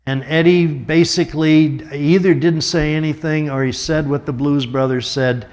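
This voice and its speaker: A man telling a long anecdote to an audience in an easy, conversational way. His voice sits a little higher than most men's, and he drifts into casual asides as he talks. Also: steady tone, normal speed, a little mellow. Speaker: guest speaker. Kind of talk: storytelling talk.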